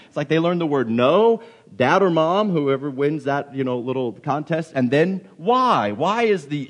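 A man preaching a sermon, animated and full of questions, repeating himself as he goes, with a cold coming on. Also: a little high, normal speed. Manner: animated, questioning, with many restarts. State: getting a cold. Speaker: pastor.

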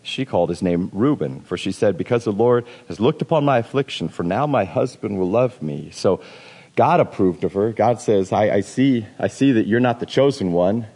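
A man's voice: fairly low pitch, expressive, moderate pace, warm tone, breathy edge. A man preaching a sermon in a casual, joking way, sometimes putting on playful voices. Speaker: pastor. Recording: long hall reverb.

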